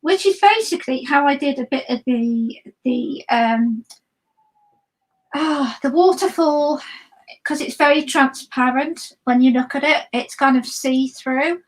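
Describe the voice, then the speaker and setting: A high-pitched woman talks through her painting brushes on a live stream. She rambles casually, full of ums and restarts, in an easy chat. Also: a little slow, poor audio. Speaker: guest watercolor artist.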